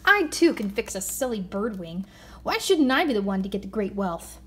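A woman voicing a jealous, greedy man who speaks loudly and gruffly. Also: medium pitch, very animated, normal speed, close to an everyday voice. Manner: loud and gruff.

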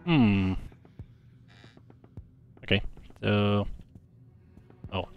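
A man's voice: lowish voice, very slow, clean tone, phone-quality sound. A man giving let's play commentary, reading the game's story text aloud and musing to himself. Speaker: game commentator.

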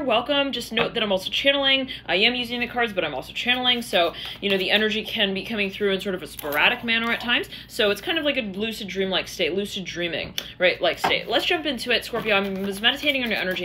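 A woman's voice: medium pitch, noisy background. A woman giving a channeled tarot reading, rambling in a stream-of-consciousness way and acting out the voices she quotes. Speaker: tarot reader.

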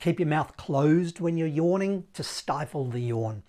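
Upbeat sax teacher. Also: male voice, a little high, animated, measured pace, warm tone. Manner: upbeat, playful, sings note sounds. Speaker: saxophone teacher. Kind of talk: casual video lesson.

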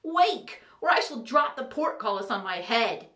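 A woman's voice: on the high side, sing-song, measured pace, bright, forceful tone, reverberant, full character voice. A woman voicing a lovesick young prince in an overwrought, theatrical manner, reading a storybook. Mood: melodramatic.

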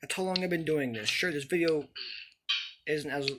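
A man's voice: fairly high pitch, normal speed, background noise. A young man giving frustrated, swearing let's-play commentary from his room, ranting and exasperated. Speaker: gaming YouTuber.

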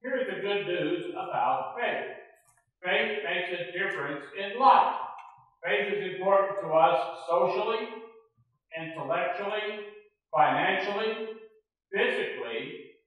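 A man's voice: sits high, slow pace, long pauses, fairly bright tone. A male pastor preaching a sermon from the pulpit, telling the story earnestly and emphatically and putting rhetorical questions to the congregation. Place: church sanctuary. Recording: echoey church sanctuary.

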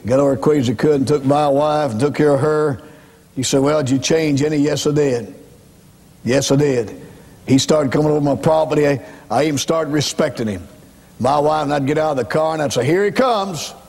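A slightly high, creaky, darkish male voice talks a little fast with fairly even intonation, and the sound carries a long reverb tail. The evangelist's sermon testimony is dramatic storytelling with acted-out voices, delivered emphatically and directly to the congregation.

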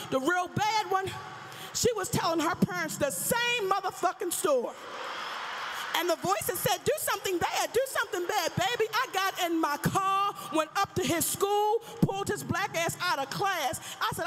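Loud brassy woman doing standup, high bright voice, echoey hall. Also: normal speed, over music. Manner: brash, profane storytelling with loud outbursts. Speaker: stand-up comedian. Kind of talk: stand-up comedy. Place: live comedy stage. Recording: reverberant live venue.

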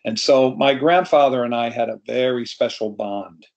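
A man's voice: medium pitch, moderate pace, creaky, darkish tone, lo-fi sound. A middle-aged storyteller tells a family tale in an easy, anecdotal way. He speaks to a group over a video call, as he would to a live audience. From New York.

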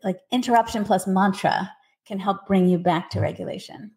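A woman parenting coach answering interview questions in a steady, explanatory way, with frequent casual fillers. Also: medium pitch, moderate pace. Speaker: autism parenting coach, guest.

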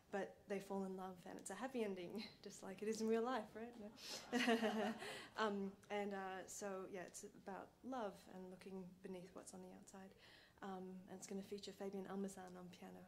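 A woman bandleader chatting softly between songs at a live concert, with frequent pauses and light laughter. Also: medium pitch. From Malaysia. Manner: soft-spoken, with frequent ums and light laughs. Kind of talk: stage banter between songs. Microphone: stage microphone.

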